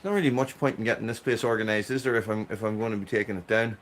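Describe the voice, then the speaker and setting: A man's voice: on the low side, rapid-fire, a little hiss or hum. An Irish man chatting casually on a live stream, greeting viewers by name from a small cabin with a wood stove. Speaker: livestream host.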